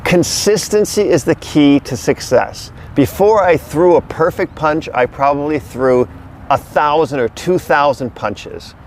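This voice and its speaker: A middle-aged man with a voice pitched a little high for a man coaches on dog training, stressing and repeating each point. He speaks to a camera someone else holds outdoors. A faint hum of traffic sits behind him. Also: unhurried. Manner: emphatic, repetitive coaching delivery. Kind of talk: casual instructional talk to camera. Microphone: camera held by another person.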